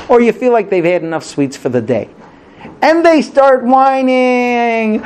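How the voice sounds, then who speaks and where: A man's voice: high-pitched, very animated, moderate pace, darkish tone. A man giving a Bible lesson, telling the story animatedly and acting out quotes. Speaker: Torah teacher.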